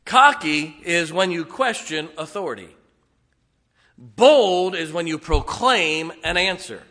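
A man's voice: fairly high pitch, expressive, slow, sharp tone. A man preaching a sermon in a conversational, emphatic way, chuckling and acting out little quotes as he goes. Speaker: pastor.

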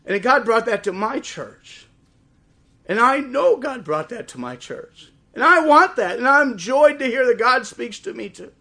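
A middle-aged man preaching a sermon in church, impassioned and swelling toward shouts. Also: extremely high pitch, sing-song, unhurried, creaky. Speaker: pastor. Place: church service before a congregation.

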